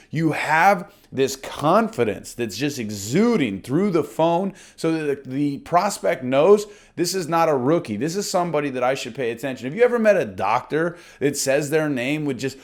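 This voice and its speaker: A man's voice: a little high, normal speed. A young man coaching real estate agents on cold-call scripts, speaking energetically and confidently. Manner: energetic, confident, demonstrates lines aloud. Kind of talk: course lesson on phone scripts.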